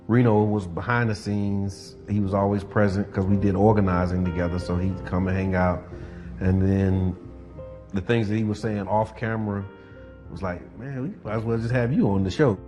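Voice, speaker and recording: A man hosting a community podcast, talking in a relaxed, reflective way with many fillers. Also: low voice. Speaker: podcast host. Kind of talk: casual interview talk.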